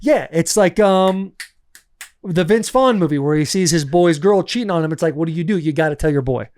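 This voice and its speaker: Animated man telling stories, higher voice. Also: a little fast. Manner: animated storyteller acting out quotes, swears freely. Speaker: podcast co-host. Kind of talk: casual storytelling chat.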